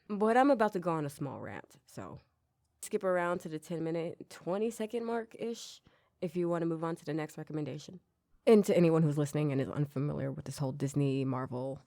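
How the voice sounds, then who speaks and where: Young woman podcast host, low-pitched, dry close sound, casual and opinionated. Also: darkish tone, no echo. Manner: chatty, opinionated, trails off into rants. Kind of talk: casual recommendation chat.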